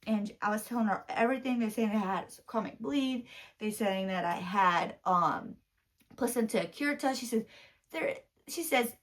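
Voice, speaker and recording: A woman's voice: a little high, normal speed. Rambling young woman vlogger. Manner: rambling, retells conversations with many "like"s. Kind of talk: casual storytelling vlog.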